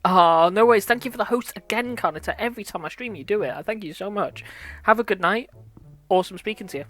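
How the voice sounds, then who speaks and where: A woman's voice: medium pitch, quick pace, faint music behind. A woman chatting casually on a livestream, self-mocking and laughing often. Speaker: streamer.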